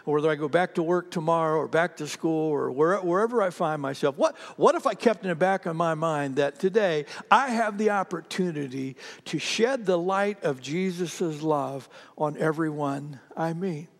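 A man's voice: fairly high pitch, moderate pace, hardly any pauses, big-room sound. A man preaching a sermon, telling a story earnestly and speaking directly to his congregation. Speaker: pastor.

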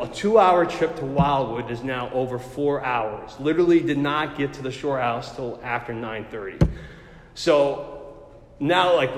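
A middle-aged man recounts a personal story in a chatty, self-deprecating way, stumbling through fillers. His voice sits at an ordinary pitch. It rings out in a roomy space with a long reverb tail. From New Jersey.

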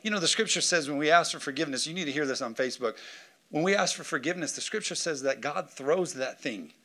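A man pastor preaching a sermon in a church, lively and joking, calling on the congregation for amens. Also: a little high, fast talker. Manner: lively preaching with jokes and call-and-response. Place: church sanctuary.

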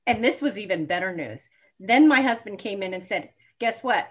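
Lady astrologer chatting in a q&a, lively ups and downs, acts out her reactions. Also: mid-range voice, moderate pace, slightly rough. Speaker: astrology reader, co-host. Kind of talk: live Q&A talk.

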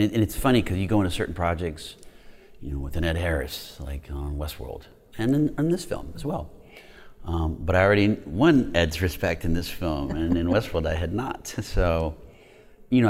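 A male actor telling a story in a casual chat, with halting, stammering restarts. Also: low voice, a little mellow. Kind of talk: casual anecdote.

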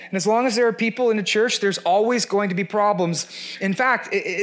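Guy pastor w a high voice, chatty sermon, jokey and sarcastic, lots of "right?". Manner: animated, conversational, playfully sarcastic.

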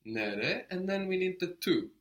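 A man's voice: high voice, very animated, measured pace. A man teaching a language lesson, explaining step by step and prompting his student to answer.

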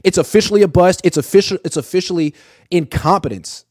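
A man's voice: high-pitched, a little mellow, no echo, clean studio sound. A man hosting a sports talk show, arguing his points emphatically in casual chat. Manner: emphatic, rapid interjections of agreement. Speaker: podcast host.

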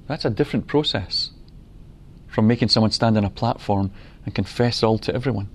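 A middle-aged man preaching a sermon, earnest and unhurried, telling stories and acting out quotes. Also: on the low side, a little hiss or hum.

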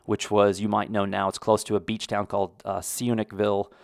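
A man's voice: on the low side, level tone, a little fast, vocal fry, no echo, studio quality. A middle-aged American man hosting a podcast, talking casually and rambling a little, with restarts. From United States. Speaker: podcast host. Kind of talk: casual monologue.

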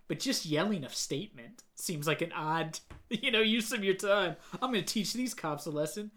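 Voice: medium pitch, brisk, hardly any pauses, a bit bright. A podcast co-host in casual chat, exasperated about a film and laughing as they talk. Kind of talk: casual movie review chat.

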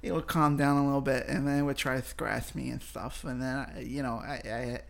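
Gravelly-voiced man, deadpan podcast co-host. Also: mid-range voice, brisk. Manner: deadpan, swears often, tells absurd tall tales. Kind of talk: casual podcast banter.

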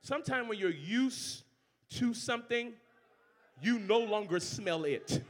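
A man from New Orleans with a New Orleans accent, preaching a sermon. He shouts and uses call-and-response, with jokes between points. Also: high-pitched, expressive, unhurried. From New Orleans, Louisiana. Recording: long reverb of a large hall.

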